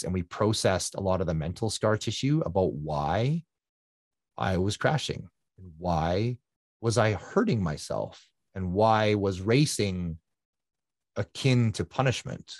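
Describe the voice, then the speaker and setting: A man's voice: sits low, lively intonation, normal speed, darkish tone, no echo, clean studio sound. A man, a guest endurance athlete, telling his personal story in an earnest, reflective conversational way, often repeating phrases for emphasis.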